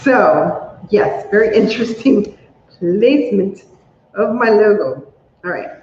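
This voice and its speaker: She takes it slowly, a chatty crafting-stream host talking casually as she works and squealing whenever she's delighted. A faint hum sits under the somewhat dull, lo-fi sound, and a long ring trails her phrases in a roomy room.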